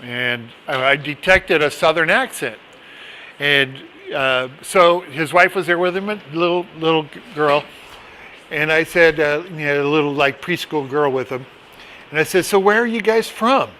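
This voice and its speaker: Middle-aged man, Bible study leader, rambling and chatty, bright voice, a bit high. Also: a little slow, a little hiss or hum. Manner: chatty, rambling, with asides and restarts. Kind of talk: casual Bible study teaching.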